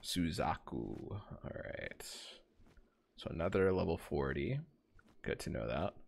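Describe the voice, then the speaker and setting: A man's voice: very deep voice, animated, slow pace, vocal fry. A young man live-streaming a game, chatting casually and rambling to his viewers, greeting them by name.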